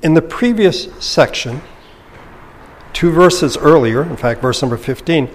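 Man teaching scripture in a reverberant room. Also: on the high side. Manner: thoughtful, measured, with occasional restarts. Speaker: Bible teacher. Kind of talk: lecture-style Bible teaching.

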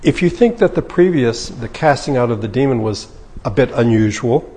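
A man preaching a sermon, retelling scripture in a relaxed, conversational way. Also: mid-range voice, moderate pace, long reverb tail, a little hiss or hum. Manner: conversational, paraphrasing scripture in casual speech. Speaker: pastor.

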